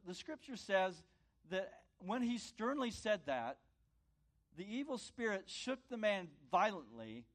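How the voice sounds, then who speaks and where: Earnest male pastor preaching a sermon. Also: a little high. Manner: earnest, repeats phrases, rises to loud commands.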